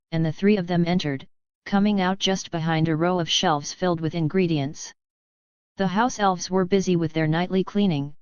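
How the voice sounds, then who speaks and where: A woman narrating a fantasy novel audiobook in a steady, even storytelling manner. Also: on the low side, smooth, no echo, lo-fi sound. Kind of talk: scripted narration.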